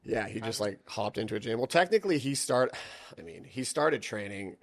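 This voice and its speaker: Low-voiced young man telling rambling stories. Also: animated, moderate pace. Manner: rambling storytelling, heavy swearing, lots of "like". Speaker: podcast guest, jiu-jitsu athlete. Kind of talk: casual podcast chat.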